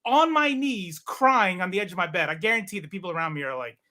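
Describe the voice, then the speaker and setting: A man's voice: high-pitched, lively intonation, quick pace, sharp tone. A man in his forties, a guest in a casual interview, telling a long personal story with many fillers and restarts. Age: 40s. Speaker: podcast guest.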